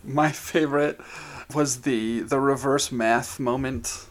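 A man's voice: medium pitch, steady tone, takes it slowly. A man co-hosting a podcast, chatting casually and laughing often as he retells funny moments. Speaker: podcast co-host. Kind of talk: casual chat.

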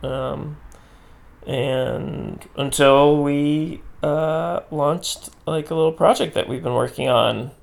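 A man in casual conversation, talking in a laid-back, halting way with lots of fillers. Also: fairly high pitch, fairly even intonation, vocal fry. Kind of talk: casual chat.

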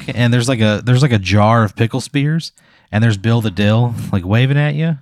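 A man's voice: fairly low pitch, moderate pace, a little mellow, dry recording, studio quality. Casual, profane man narrating a game. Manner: casual, profane, vivid storytelling. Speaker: game master.

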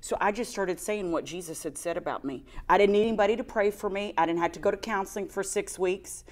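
A woman co-hosts a casual faith program, telling a personal story. She is animated and self-mocking. She does a whiny crying voice when she quotes her past self. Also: mid-range voice, quick pace. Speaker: co-host sharing a testimony. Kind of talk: casual faith talk show.

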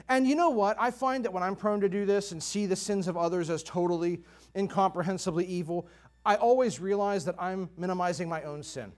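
A man preaching a sermon in an earnest, emphatic way, pressing hard on his key points. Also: high voice. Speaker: pastor.

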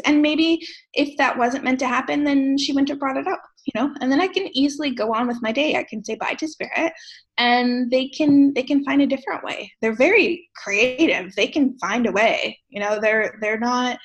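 A woman's voice: high-pitched, moderate pace, dull audio. A woman who works as a medium, co-hosting a podcast and telling stories in a chatty way with plenty of fillers and restarts. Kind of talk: casual chat.

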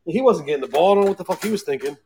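A man's voice: fairly high pitch, lively intonation, very fast, gravelly, warm tone, a little hiss or hum, rough recording. Laid-back man talking coaching plays. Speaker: podcast co-host and youth coach. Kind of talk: casual podcast chat.

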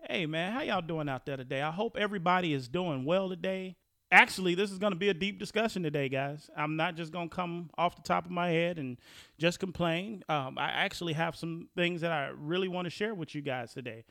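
A man's voice: a little high, fairly quick, creaky, sharp tone, dry recording, studio quality. A man hosting a podcast, talking in a casual, conversational way and often restarting his sentences as he thinks. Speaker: podcast host.

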